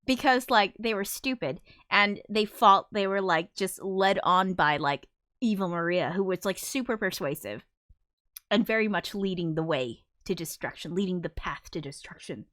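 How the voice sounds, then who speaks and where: A woman's voice: lowish voice, normal speed, a bit bright, no room sound, studio quality. A woman hosting a casual livestream, chatting in a rambling, giggly way with many fillers. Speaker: livestream host, musician.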